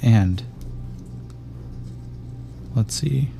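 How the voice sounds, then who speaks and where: A man narrating a solo tabletop game as game master, calling out dice rolls in a measured way. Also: medium pitch, gravelly, over music.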